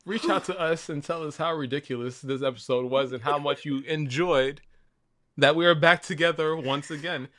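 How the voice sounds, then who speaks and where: This podcast co-host is a man in his thirties whose fairly high voice sounds a bit bright and moves at a normal speed. He trades jokes in casual chat and keeps breaking into laughing fits.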